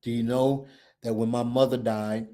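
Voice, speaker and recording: A show host's impassioned motivational speech rolls along at a moderate pace in a level tone. His delivery is repetitive and emphatic like a preacher's, alternating loud declarations with soft, hushed sections.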